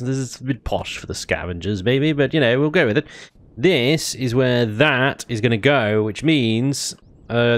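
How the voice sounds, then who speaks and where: A chatty man talks through his game session in a lowish voice, excitable and quick to laugh. The recording is close and dry, with no room sound around him. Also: no room sound. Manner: chatty, excitable, laughs often, mild British slang. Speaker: gaming YouTuber. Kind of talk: casual let's-play commentary.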